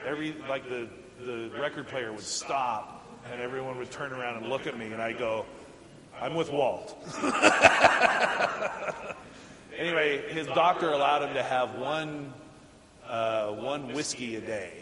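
A man's voice: medium pitch, a little slow, a crowd in the background. Man preaching in an echoey church. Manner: casual and conversational, laughs often, many fillers. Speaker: pastor. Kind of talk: sermon. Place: church sanctuary.

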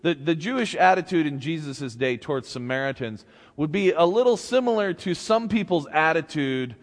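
A man with a fairly high voice preaches a conversational sermon, lively and loose rather than formal. He acts out the voices in the story and chuckles as he goes, and the church hall's long reverb trails behind him. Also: moderate pace. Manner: conversational, animated, acts out shouted quotes, chuckles. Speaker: pastor. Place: church sanctuary.

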